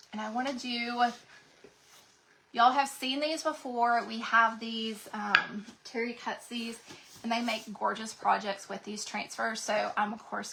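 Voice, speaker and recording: A woman chats breathlessly through a craft livestream, gushing over every page. Her voice sits a little high, with a bright, gravelly edge. A faint hiss runs under the recording. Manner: gushing, excitable, addresses viewers as y'all. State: recovering from being sick. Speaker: craft channel host. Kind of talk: livestream craft demo, chatting to viewers.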